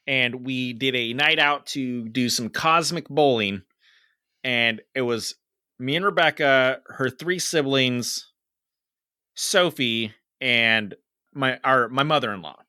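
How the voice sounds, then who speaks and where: A man in his thirties co-hosts a podcast in a loose, storytelling chat. His voice is bright and sits close and dry on the mic. He swears freely and leaps up in pitch when he acts out what people said. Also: smooth, no echo. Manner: animated, swearing, acts out quotes with big rises in pitch. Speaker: podcast co-host.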